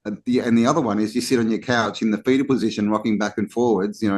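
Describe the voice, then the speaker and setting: A man's voice: on the low side, fairly even intonation, fast talker, few pauses, darkish tone. A man co-hosting a podcast, talking casually and animatedly, often restarting with "you know" and acting out mock complaints. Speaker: podcast co-host. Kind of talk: casual conversational talk.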